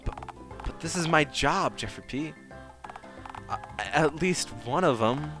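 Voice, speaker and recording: A man voicing a timid male hotline worker who talks quietly and stammers. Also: a little high, lively intonation, slow, music in the background, pitched above the performer's own voice. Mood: flustered.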